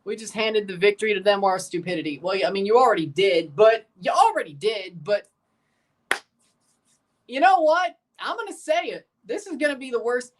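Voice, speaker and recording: A man streaming his live reaction to a football match, swinging between muttered grumbling and loud, exasperated shouts. He sits a little back from the microphone, so his voice comes across slightly distant. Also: sits high, normal speed. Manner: excitable, exasperated, bursts into shouts. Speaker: watchalong streamer.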